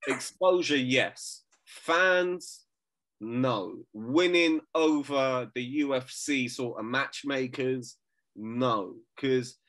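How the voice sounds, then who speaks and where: A man's voice: medium pitch, extremely slow, a bit bright. A man co-hosting a casual sports podcast, brash and joking, swearing freely and laughing often. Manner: brash, swearing, laughing, says "bruv" a lot. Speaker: podcast co-host.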